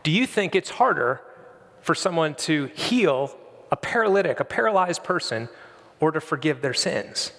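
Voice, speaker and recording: A man's voice: on the high side, animated, normal speed, vocal fry, a bit bright, long reverb tail. A man preaching a sermon in a conversational, storytelling way, painting vivid scenes for his congregation in a church. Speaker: pastor.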